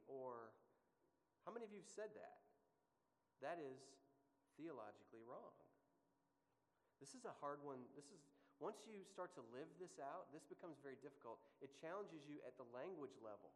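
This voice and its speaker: A man's voice: fairly high pitch, expressive, normal speed, pauses often, a little hiss or hum. A man teaching a Bible study to a class, asking them questions and stressing his points. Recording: long hall reverb.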